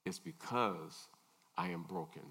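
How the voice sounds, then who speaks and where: Low-voiced man preaching in a reverberant hall. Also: pushed and bright, slightly rough. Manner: unhurried, pausing often and questioning the listeners. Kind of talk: sermon. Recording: long reverb in a large hall.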